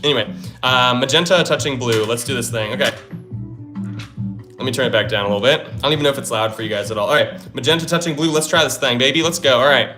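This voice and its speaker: A young man runs a casual livestream, talking through puzzles as he solves them and pumping himself up when one clicks. His voice is medium-pitched, bright and forceful, and he talks fast. Faint lo-fi music plays behind him.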